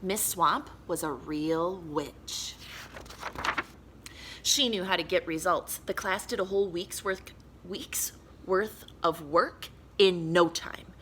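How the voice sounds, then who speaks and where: A woman reading a children's picture book aloud in an expressive, animated way. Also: fairly low pitch, takes it slowly, a little hiss or hum. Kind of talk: storybook read-aloud.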